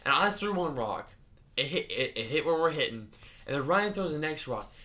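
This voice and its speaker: A man's voice: on the high side, very animated, moderate pace, pushed and bright. A young man telling a rambling story in casual chat, stumbling over filler words. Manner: rambling, many fillers and restarts, laughing. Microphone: handheld microphone.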